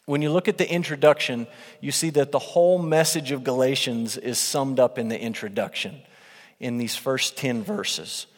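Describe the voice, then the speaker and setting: A man preaching a sermon, teaching through a Bible passage in an animated way as he reads verses aloud and acts out quotes. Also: mid-range voice, normal speed. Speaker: pastor. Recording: long hall reverb.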